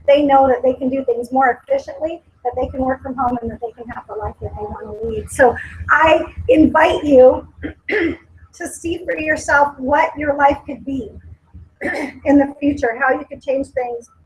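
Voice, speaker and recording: A woman's voice: high voice, measured pace, poor audio. A woman in her forties giving an earnest motivational speech at a company meeting, repeating her points with emphasis and tearful at times. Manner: earnest, emotional, emphatic repetition. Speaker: company speaker at a sales meeting.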